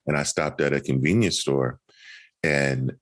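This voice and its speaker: A man with an extremely deep, low voice, hosting a podcast. He tells stories in a relaxed, reflective way in casual conversation. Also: unhurried. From Alabama. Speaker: podcast host. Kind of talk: casual chat.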